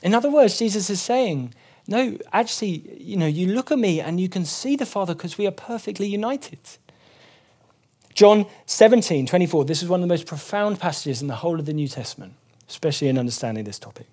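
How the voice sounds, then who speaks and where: Earnest, fairly high-voiced male preacher. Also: animated, a little fast, darkish tone. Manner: earnest, emphatic, voice rising when quoting scripture. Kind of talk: sermon.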